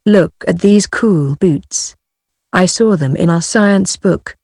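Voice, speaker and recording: A woman's voice: on the low side, slow, darkish tone, husky, no room sound, clean studio sound, full character voice. A woman reading the lines of a boy pupil in a textbook dialogue, in a plain reading voice. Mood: excited. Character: boy pupil on a school trip.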